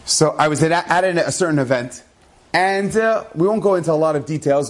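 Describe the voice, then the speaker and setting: Rabbi guy telling a story, kinda high voice, gets really animated and punchy. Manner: animated, emphatic, voice jumps up on key words. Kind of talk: storytelling talk to a congregation.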